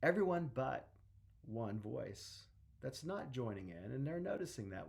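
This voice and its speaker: A middle-aged minister preaches in a loose, conversational way, with restarts and acted-out quotes along the way. His voice has a gravelly, creaky grain at an average male pitch. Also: sing-song, a little slow, a little mellow. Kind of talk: sermon.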